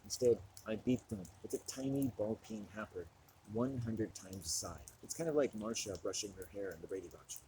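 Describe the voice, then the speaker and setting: A man's voice: fairly low pitch, a little fast, background noise. A man alone in the woods, rambling through a comedic, self-mocking monologue. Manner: rambling, self-mocking, laughing between thoughts. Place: outdoors in a forest.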